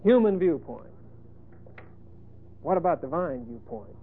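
A male preacher giving a folksy sermon, emphatic, with sudden loud bursts and asides. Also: on the high side, expressive, measured pace. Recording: tinny phone-like lo-fi sermon tape.

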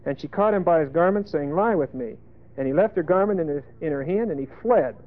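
A male preacher giving a folksy sermon, emphatic, with sudden loud bursts and asides. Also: fairly high pitch, expressive, fast. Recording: tinny phone-like lo-fi sermon tape.

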